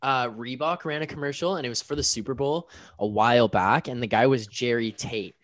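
A man's voice: mid-range voice, brisk, a bit bright, no echo. Chatty young man, dry close mic. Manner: storytelling with lots of filler words. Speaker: podcast co-host. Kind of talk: casual chat.

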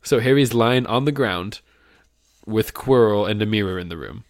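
A man's voice: fairly low pitch, normal speed, a crowd in the background. A man hosting a podcast, reading a book aloud and joking between passages. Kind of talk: casual read-aloud podcast.

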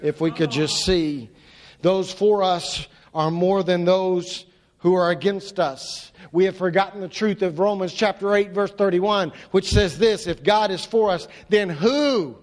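A male pastor preaching with a very high voice, stressing words by repeating them and sweeping from hushed lows to ringing highs. His sermon rolls through a hall with long reverb. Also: unhurried. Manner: impassioned, repeats words, drops low and rises high for emphasis.

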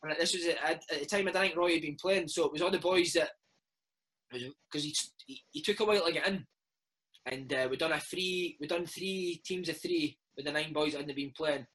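Fast-talking Scottish man, husky and bright. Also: on the high side, rough recording. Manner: animated storytelling, peppered with "mate". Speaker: former footballer and podcast host, interview guest. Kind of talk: casual interview chat.

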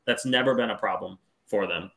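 A man co-hosting a wrestling podcast, talking in a relaxed, rambling way with frequent ums. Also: fairly low pitch, brisk, gravelly. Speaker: podcast co-host. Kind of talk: casual wrestling podcast chat.

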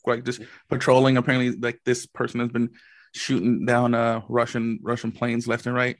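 A man's voice: mid-range voice, monotone, moderate pace, dry recording, studio quality. A man co-hosting a podcast, rambling casually and acting out little quotes as he tells stories. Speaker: podcast co-host. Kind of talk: casual chat.

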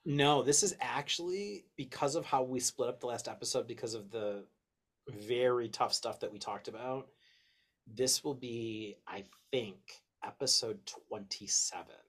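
A man hosting a casual podcast chat, excitable, swearing freely and reading out long lists. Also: mid-range voice, measured pace, husky. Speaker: podcast host.

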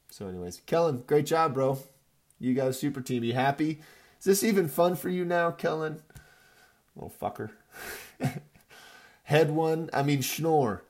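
A man's voice: lowish voice, darkish tone. Rambling profane man in his thirties. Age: 30s. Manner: rambling, profane, jokey trash talk. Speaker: fantasy football league commissioner recapping the week. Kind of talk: casual profane recap video.

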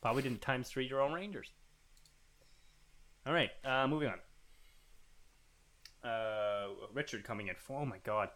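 A man's voice: medium pitch, slow pace, pauses often, fairly bright tone. A man co-hosting a casual podcast, rambling through listener emails with fillers and restarts. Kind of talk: casual chat.

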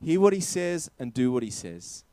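A man's voice: mid-range voice, very animated, moderate pace, warm tone, dry recording. A man preaching a sermon, emphatic and repeating his key phrases.

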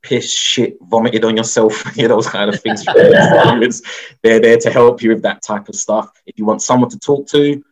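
A man's voice: lowish voice, fairly even intonation, normal speed. A man talking as a guest in a casual interview, rambling with many fillers and frequent laughs. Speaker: guest, mushroom educator. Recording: dull lo-fi sound.

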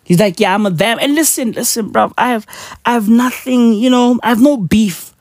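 A woman's voice: fairly high pitch, normal speed, darkish tone, no room sound, studio quality. A woman ranting on a podcast in casual, profane, slangy talk, emphatic and mocking.

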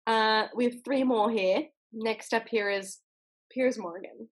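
A blunt, opinionated woman co-hosting a casual chat show. Her voice has a husky edge, and she laughs often between strong opinions. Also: fairly high pitch, measured pace. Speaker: podcast co-host.

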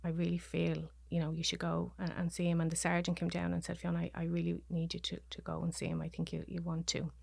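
A podcast guest, a woman with a Dublin Irish accent, tells her story in a low, gravelly voice. She stops and restarts her sentences and acts out what others said. The sound is dry and close. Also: no room sound. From Ireland. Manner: halting, restarting sentences, voicing others' words. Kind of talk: personal story told in conversation.

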